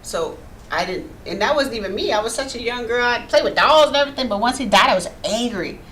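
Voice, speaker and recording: A woman guest telling her life story in a casual chat, animated and quick to act out quotes. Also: fairly high pitch. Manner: animated storyteller, laughs often, acts out quotes. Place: radio studio. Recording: distant mic with faint background noise.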